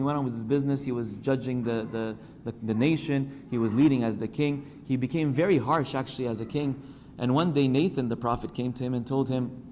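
A man's voice: mid-range voice, a little mellow, a little hiss or hum. A male priest giving a sermon, building emphasis and acting out the people he quotes. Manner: preaching with rising emphasis, acting out quoted voices. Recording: church hall reverb, faint ambience.

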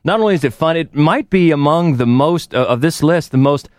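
A man's voice: a little high, brisk, dry recording, studio quality. A man co-hosting a podcast, chatting enthusiastically about horror films. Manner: enthusiastic, animated. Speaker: podcast co-host.

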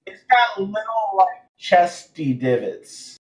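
A woman's voice: mid-range voice, very animated, slow pace. A woman co-hosting a casual podcast, reading out questions and dropping dry quips. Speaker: podcast co-host. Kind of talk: casual chat.

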